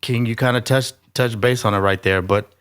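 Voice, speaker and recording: A man's voice: mid-range voice, steady tone, moderate pace, fairly bright tone, clear, resonant tone. A man co-hosting a podcast, affirming others and asking probing questions in casual chat. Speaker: podcast co-host.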